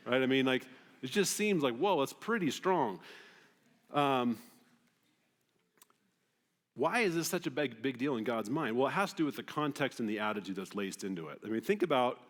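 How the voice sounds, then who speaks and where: A man's voice: mid-range voice, normal speed, long pauses. Give me a conversational male pastor preaching in a reverberant church hall. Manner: conversational, animated, checks in with "right?". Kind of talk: sermon. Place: church sanctuary.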